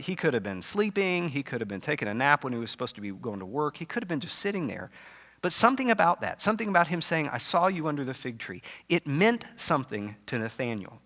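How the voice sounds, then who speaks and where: A male pastor preaches in a relaxed, conversational way, his fairly high voice swinging up and down as he tells stories. His tone is bright and clear. The sound carries the long reverb of a church hall. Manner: animated storytelling with casual asides. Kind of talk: conversational sermon. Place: church sanctuary.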